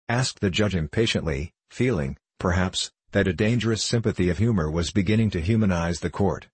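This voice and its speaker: A man narrating an audiobook in a measured, formal storytelling manner. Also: deep voice, husky, dry recording.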